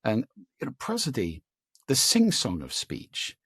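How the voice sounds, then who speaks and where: Gravelly, husky man explaining with animation. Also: medium pitch, measured pace, no echo, clean studio sound. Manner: animated, demonstrative, gives vocal examples. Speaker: guest, speaker on voice and listening. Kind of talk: explanatory interview answers.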